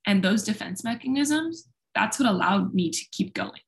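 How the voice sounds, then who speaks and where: A woman's voice: mid-range voice, expressive, normal speed, gravelly, slight background noise. A young woman speaking openly and at length as an interview guest, talkative and self-deprecating. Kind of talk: candid personal conversation.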